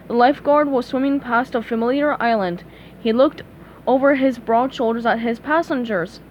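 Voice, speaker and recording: High-voiced young woman reading a storybook. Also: normal speed, lo-fi sound, a little hiss or hum. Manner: reads steadily, fixing small slips. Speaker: reader.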